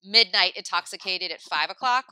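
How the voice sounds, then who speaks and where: A woman in her thirties telling a long story in casual chat, full of "like" and animated asides. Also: mid-range voice, moderate pace, clean tone, no room sound. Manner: chatty, lots of "like", animated asides. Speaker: podcast host telling a story.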